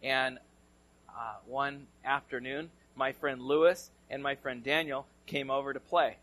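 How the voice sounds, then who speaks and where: A male pastor from California preaching a sermon, telling a story conversationally and swinging between loud and hushed delivery. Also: mid-range voice, fairly even intonation, unhurried.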